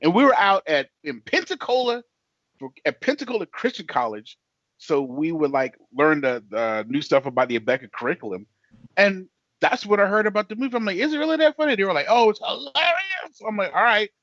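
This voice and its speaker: A man with a high, wildly swinging voice tells stories in a casual chat, throwing himself into exaggerated voices for the people he quotes. The sound is dry and slightly dull, like a lo-fi recording. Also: a little fast, no room sound. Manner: animated storytelling, acts out quotes in exaggerated voices. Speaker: co-host.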